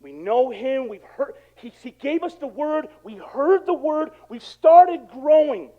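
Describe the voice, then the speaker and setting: Male pastor, high and very expressive pitch, conversational sermon, big shifts from soft to loud, muffled lo-fi sound. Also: unhurried. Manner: animated, conversational preaching with dramatic swings in volume.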